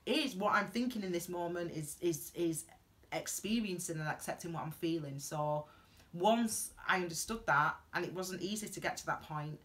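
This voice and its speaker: A woman talks to her viewers in a reflective advice vlog, lower-pitched for a woman but with a bright, forceful edge. She rambles earnestly and halts to restart her thoughts, drifting into tangents before finding her way back. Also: normal speed. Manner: earnest and heartfelt. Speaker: tarot reader giving advice.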